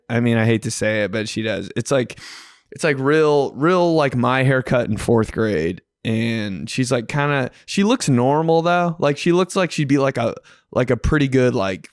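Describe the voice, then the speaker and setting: Animated young man telling a funny story. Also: no room sound, studio quality. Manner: animated, slangy, acts out quotes in a higher voice. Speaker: podcast host telling a story. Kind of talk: casual comedic storytelling.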